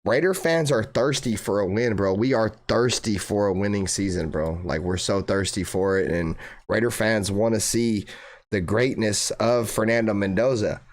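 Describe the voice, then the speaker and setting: A man's voice: lowish voice, normal speed. A young man hosting a fan channel livestream who reads viewer comments, swears freely and keeps calling listeners bro. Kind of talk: casual livestream chat reading viewer comments.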